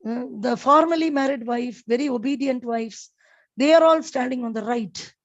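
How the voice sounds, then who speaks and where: A woman's voice: fairly high pitch, normal speed, highs cut off. A woman giving a devotional scripture class, telling stories with many fillers and restarts. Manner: storytelling with frequent fillers and restarts.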